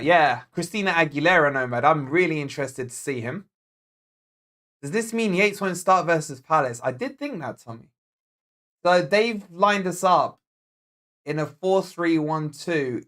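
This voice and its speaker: A fairly high-voiced man with a Scottish accent hosts a live football watch-along. He keeps it casual and jokey, answering viewer messages one after another. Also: bright, forceful tone. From Scotland. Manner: chatty, jokey, reads viewer comments aloud. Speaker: football fan channel host.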